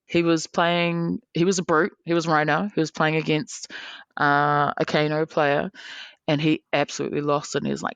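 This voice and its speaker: A woman tells a long story as a podcast guest, with a gravelly, fry-edged voice. She talks casually and acts out the people she quotes in lively bursts. The sound is dry and close, with no room echo. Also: deep voice, normal speed. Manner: animated, swearing freely, acting out quoted people.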